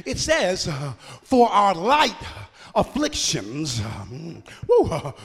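A man in his fifties preaching a sermon, punctuating his phrases with "uh" and rising into shouted exhortation. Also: high-pitched, huge pitch swings, slow, vocal fry, slightly rough, big-room sound. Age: 50s.

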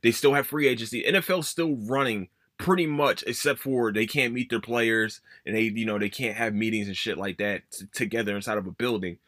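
A man hosting a casual sports podcast, ranting emphatically with plenty of swearing and sudden high-pitched emphasis. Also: a little fast, hardly any pauses, a bit bright, dry recording, clean studio sound. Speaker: podcast host.

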